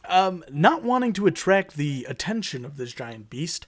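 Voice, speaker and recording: Lively, joking man podcast host. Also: on the high side, moderate pace. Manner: joking, profane, laughs often. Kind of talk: casual chat, reading out a story.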